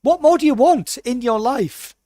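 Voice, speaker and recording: A British man with a notably high speaking voice, chatting casually on a podcast. He tells stories with energy and slips into quick impressions of the people he describes. The sound is dry and close. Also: dry recording. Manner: animated storyteller, puts on quick voices for people he quotes. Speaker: podcast co-host.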